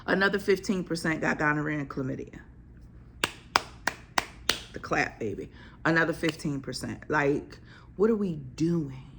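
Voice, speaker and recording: A woman's voice: low-pitched, moderate pace, vocal fry, long pauses, background noise. A woman doctor, talking bluntly and emphatically in casual slang to her podcast audience. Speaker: OB-GYN physician and podcast host. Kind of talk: casual podcast talk on health.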